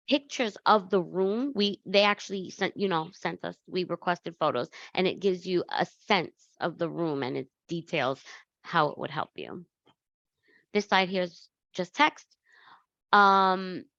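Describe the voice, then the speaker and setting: A woman's voice: fairly low pitch, a bit bright, no room sound, highs cut off. New woman presenting slides. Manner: conversational, with self-corrections. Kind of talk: slide presentation on accessible travel.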